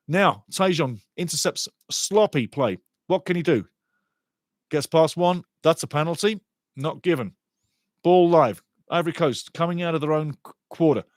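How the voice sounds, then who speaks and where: A man commentating live on a soccer match for a watchalong stream, excitable and sarcastic, often repeating his phrases. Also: a little high, no room sound, clean studio sound.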